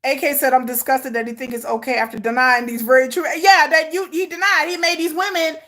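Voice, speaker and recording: High, bright-voiced woman live streamer. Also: steady tone, brisk. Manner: blunt, combative, cussing. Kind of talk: casual commentary live stream.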